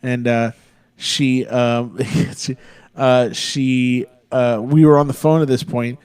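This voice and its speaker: Young dude on a podcast, rambly and swearing a lot, regular mid voice, chill. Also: male voice, medium pitch, level tone, slow, darkish tone, clean tone. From Texas. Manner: profane, rambling, laid-back. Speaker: podcast co-host. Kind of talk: casual storytelling.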